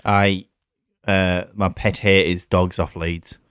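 A man's voice: low voice, flat delivery, takes it slowly, a bit bright, clear, resonant tone, no room sound, clean studio sound. A man from England, a podcast co-host in a casual chat, ranting bluntly about his pet hates. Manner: blunt, grumbling rants.

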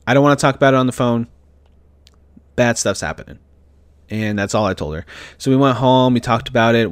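A young man with a lowish voice tells a personal story straight to the camera, candid and emotional, swearing now and then. The sound is close and dry, with no room echo. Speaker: vlogger telling a personal story. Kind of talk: casual storytelling.

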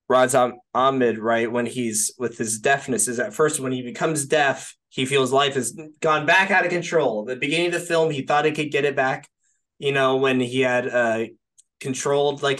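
A man's voice: mid-range voice, fairly bright tone. Male podcast co-host, casual and rambling, heavy on filler and "right?" checks, swears offhand. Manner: rambling, peppers speech with "like" and "right?". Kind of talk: casual film discussion.

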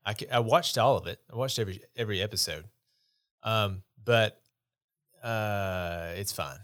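A man's voice: on the low side, moderate pace, a bit bright. A man hosting a casual podcast chat, talking in an opinionated, rambling, dismissive way. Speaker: podcast host.

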